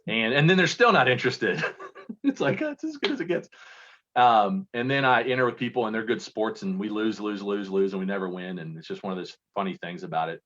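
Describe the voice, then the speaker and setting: A man from Kentucky talking in a fairly low voice, telling loose, self-deprecating stories as an interview guest. His sound is dull and lo-fi, as over a video call. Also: fast, fairly bright tone. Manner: rambling, self-deprecating storyteller. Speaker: guest contest entrant. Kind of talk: casual interview chat.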